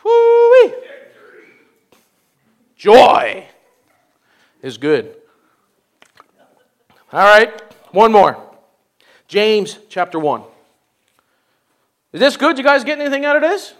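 High-voiced man preaching a folksy sermon. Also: big pitch swings, a little slow, pauses often, a bit bright. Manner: chatty and exclaiming, leans on "you know". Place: church service.

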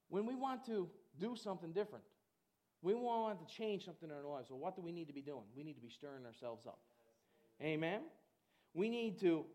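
A man preaching a sermon with exuberant energy. He often repeats words and breaks into loud laughter. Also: high voice.

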